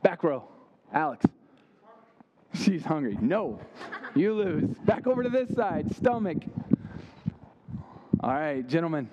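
A man's voice: a little high, big pitch swings, slow pace, pauses often, highs cut off, background noise. A young man giving an interactive sermon, quizzing his listeners and making playful asides. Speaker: youth camp speaker.

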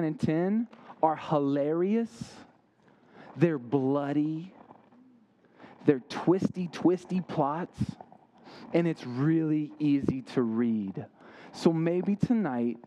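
A man's voice: on the high side, lively intonation, unhurried, dark tone, a little hiss or hum. A young man giving an interactive sermon, quizzing his listeners and making playful asides. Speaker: youth camp speaker.

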